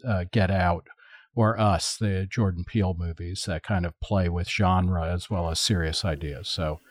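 A blunt, opinionated man on a podcast panel talks through his views with plenty of fillers. His voice sits on the low side. The sound is dry and close. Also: steady tone, measured pace, no echo. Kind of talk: casual chat.

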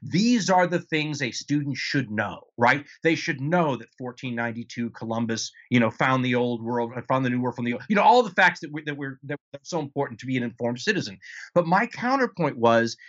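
A man's voice: medium pitch, animated, brisk, a bit bright. A man answers interview questions as the author of a book. He talks in a discursive way, restarting phrases and checking in with rhetorical questions. His audio sounds slightly dull and lo-fi. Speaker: author guest.

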